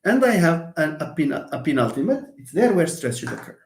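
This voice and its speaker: A man's voice: fairly high pitch, very animated, a little fast. A man teaching English word stress in a live online lesson, explaining patiently and repeating example words. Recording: echoey room.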